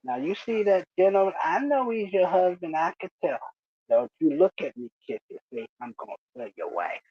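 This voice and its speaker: A man's voice: high-pitched, lively intonation, fairly quick, dry recording. A man voicing his oldest coworker, a relentless teasing prankster, in a mocking sing-song way. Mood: mock-stern. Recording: dull dry recording.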